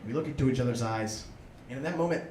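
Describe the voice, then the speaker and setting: A young man, a student, doing a self-deprecating stand-up comedy set and jumping into excited inner voices, in front of a laughing audience. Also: medium pitch, fast. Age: young adult. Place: live comedy room with audience. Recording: echoey room with background noise.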